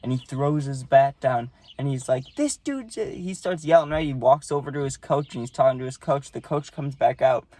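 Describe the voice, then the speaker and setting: A man's voice: mid-range voice, little pitch movement, fairly quick, few pauses, warm tone. A young man casually telling a story to camera, rambling and swearing, with lots of "you know" and "right".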